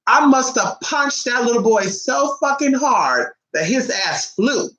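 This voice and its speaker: Young adult woman, casual storyteller, profane and animated, bright tone, roomy echo. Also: on the high side, a little slow. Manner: animated, profane, acts out quotes in shifting voices. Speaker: vlogger. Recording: echoey room.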